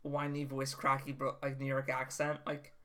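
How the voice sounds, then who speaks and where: Bright-voiced young man, animated and swearing. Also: mid-range voice, moderate pace. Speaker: podcast co-host. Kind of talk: casual chat.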